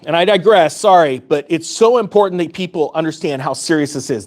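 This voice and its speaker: A man delivers impassioned commentary straight to his viewers, his voice sitting on the higher side. He sounds fired up and urgent, hammering home his points by repeating them. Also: brisk, hardly any pauses. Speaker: finance YouTuber. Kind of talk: impassioned direct-to-camera commentary.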